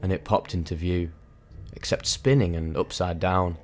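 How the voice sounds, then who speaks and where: A man's voice: sits low, fairly even intonation, normal speed, slight background noise. A man narrating a harrowing personal experience in vivid, intense, emphatic storytelling. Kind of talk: dramatic first-person storytelling.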